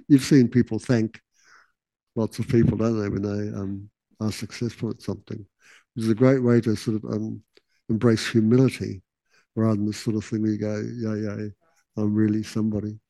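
A man talks in an easygoing, chatty teaching style, now and then acting out what other people say. His tone is mellow and dark. The sound is close and dry, with no room echo. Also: lowish voice. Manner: relaxed, laughing asides, acts out quotes. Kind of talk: casual teaching talk.

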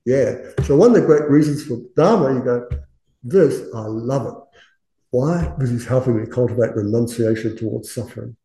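A man's voice: mid-range voice, brisk, hardly any pauses, dark tone. A man giving a casual Buddhist Dharma talk, chatty, often laughing and acting out quoted voices. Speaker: Buddhist teacher. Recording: roomy echo.

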